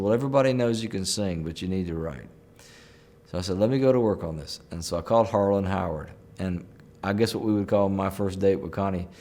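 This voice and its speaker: A middle-aged man with a drawl tells a personal story in an easygoing interview. His voice sits fairly low, and he talks in unhurried, folksy anecdotes with a chuckle here and there. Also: darkish tone. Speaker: country musician telling a story.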